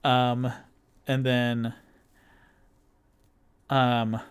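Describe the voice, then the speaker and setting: A man's voice: medium pitch, level tone, drawn-out words, clear, resonant tone. A man narrating a solo tabletop game as game master, meandering with many ums and restarts. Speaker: game master and sole player.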